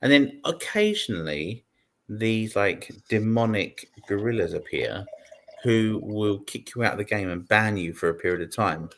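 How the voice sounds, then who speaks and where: A man's voice: on the low side, expressive, normal speed, fairly bright tone. A man co-hosting a gaming podcast, ranting bluntly and swearing in casual chat. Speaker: podcast co-host.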